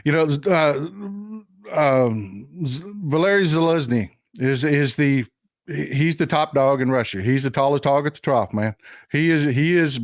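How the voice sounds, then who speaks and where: A male host chatting casually, telling stories in a rambling, animated way full of restarts. His voice sits a bit high. The sound is dry and close, with no room around it. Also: measured pace, dry recording. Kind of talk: casual political chat.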